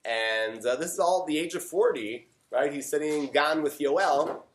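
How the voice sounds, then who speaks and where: Chatty rabbi in an echoey room. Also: male voice, a little high, moderate pace. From Canada. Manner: chatty, many fillers, joking asides. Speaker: rabbi teaching a class. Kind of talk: informal Torah talk. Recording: roomy echo.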